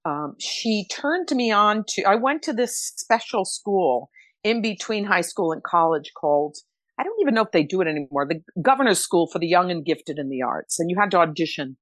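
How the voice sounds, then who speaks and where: A woman's voice: lowish voice, animated, moderate pace, no room sound. An older woman from Rhode Island, a stage actress guesting on a podcast, talking candidly and bluntly in casual chat. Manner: blunt, candid, emotional storytelling.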